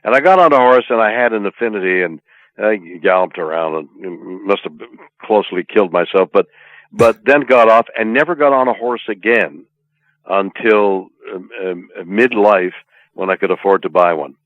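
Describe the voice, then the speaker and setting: An older Canadian man speaks from deep in his chest, halting over long, drawn-out fillers and turning playful in between. The thin, tinny audio sounds like a phone call and is completely dry, with no echo. He seems to be a guest chatting loosely with his host in a casual interview.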